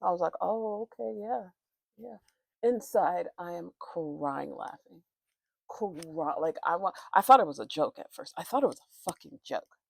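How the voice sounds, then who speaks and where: A woman's voice: lowish voice, measured pace, vocal fry, breathy edge, dry recording. A woman vlogger chatting casually, telling a rambling, profane, candid story with many restarts.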